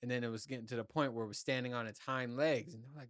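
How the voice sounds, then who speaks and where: A fast-talking podcast host with a medium-pitched voice and fairly even intonation rambles through a casual solo monologue. He's profane and laid-back, and the recording is dry and studio quality.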